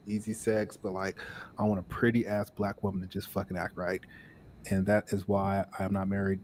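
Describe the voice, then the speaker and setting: A man's voice: fairly low pitch, darkish tone, slight background noise. A man on a talk show panel stating his dating preferences frankly and matter-of-factly.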